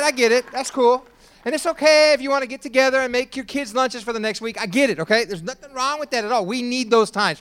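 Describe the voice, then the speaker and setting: Male pastor, high smooth voice, animated joking sermon that climbs to shouts. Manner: lively, joking preaching that rises to shouts.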